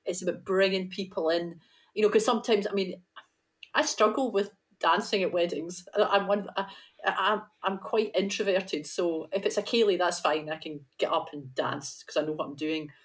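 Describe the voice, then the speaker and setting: Woman, podcast co-host, enthusiastic, reflective, low-ish voice. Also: normal speed. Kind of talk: casual discussion.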